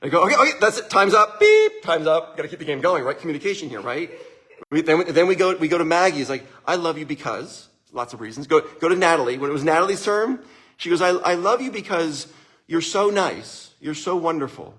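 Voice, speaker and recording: A middle-aged man hosting a casual motivational talk, an animated storyteller who acts out family conversations. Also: fairly high pitch, brisk. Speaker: host.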